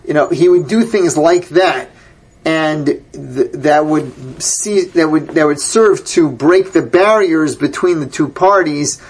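A man's voice: a little high, breathy edge. A man teaching a Torah class, reading verses aloud and then translating and explaining them. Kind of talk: Bible class lecture.

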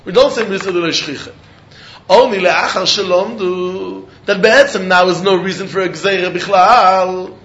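A man teaching Talmud with a high voice and a rising, questioning sing-song as he argues both sides of each point. The sound is dull and muffled, carried through a roomy, echoing space. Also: moderate pace, a little hiss or hum. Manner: animated sing-song study chant, questioning and answering himself. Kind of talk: Talmud lecture in Yeshivish English. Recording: dull echoey room recording.

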